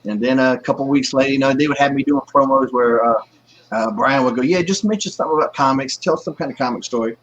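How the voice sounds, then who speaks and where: A man's voice: mid-range voice, quick pace. A man in his forties telling stories as an interview guest, acting out the people he quotes, talking on a video call from home. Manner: lively storyteller who acts out quotes. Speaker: guest, pro wrestler. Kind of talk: casual anecdote in an interview. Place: at home, kids and pet nearby. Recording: slightly muffled, husky lo-fi audio.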